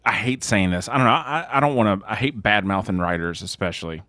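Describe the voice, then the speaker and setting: A man's voice: lowish voice, quick pace, pushed and bright, no room sound, studio quality. A man co-hosting a casual movie podcast, joking and going off on tangents. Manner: joking, tangent-prone, swears lightly. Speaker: podcast co-host. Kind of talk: casual movie review chat.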